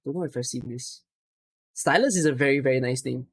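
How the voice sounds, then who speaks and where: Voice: mid-range voice, fairly quick, husky. Tired, emotional streamer chatting casually. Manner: emotional, excitable, near tears. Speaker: streamer reading follower names. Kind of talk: casual live-stream chat.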